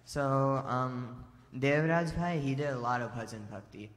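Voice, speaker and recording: In a large temple assembly hall with long reverb, a man of medium pitch speaks a little slowly. He casually recounts a spiritual story to the gathering, with plenty of fillers and restarts.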